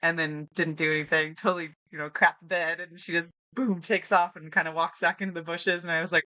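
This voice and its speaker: Bright-voiced woman telling a story. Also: lowish voice, a little fast, no room sound. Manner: animated storyteller, acts out quotes, laughs often. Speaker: podcast guest, new hunter. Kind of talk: casual storytelling interview.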